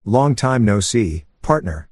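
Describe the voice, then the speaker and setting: A man voicing a mocking middle-aged police inspector with a deep voice. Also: big pitch swings, a little slow, a little mellow, slightly rough, no echo, studio quality, full character voice. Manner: mocking, drawling.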